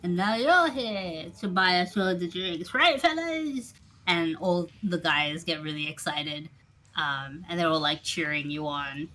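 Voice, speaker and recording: A woman's voice: on the low side, animated, measured pace, pushed and bright, rough recording. A woman doing a rambling drunk tavern regular. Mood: gossipy. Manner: rambling, gossipy, folksy. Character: chatty drunk tavern man, loyal to his boss.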